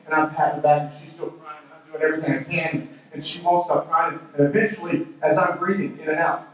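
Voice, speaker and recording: A man in his thirties tells a comic parenting story as a keynote speaker, acting out the quotes as he goes. His voice sits fairly high and comes from some distance off the mic. The sound bounces around a big, very echoey hall. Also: steady tone, fast talker. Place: large hall with an audience. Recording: very echoey hall, heard from afar.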